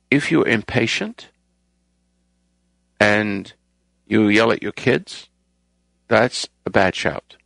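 A man's voice: fairly low pitch, vocal fry, fairly bright tone, no room sound. A man hosting a talk program, delivering a rambling, moralizing monologue and raising his voice to stress points. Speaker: radio show host.

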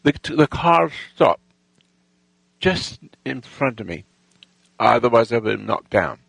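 A man with a creaky, gravelly voice drifts through a boastful personal anecdote at a slow pace. His pitch swings widely, and he stops and restarts often, losing his thread. The sound is close and dry. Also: very animated, a bit bright, dry recording, low-quality recording. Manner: halting, with restarts and lost threads; boastful, self-assured storytelling.

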